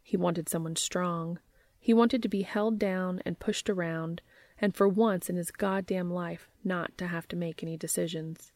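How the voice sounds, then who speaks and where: A woman reading a story aloud in a low, gravelly voice with a steady, measured pace. The recording is dry and close, with no room sound. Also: no echo. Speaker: reader.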